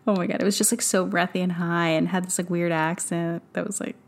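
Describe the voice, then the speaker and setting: A woman's voice: lowish voice, flat delivery, a little fast. A woman co-hosting a casual book discussion podcast, talking loosely with lots of fillers and restarts. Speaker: podcast co-host.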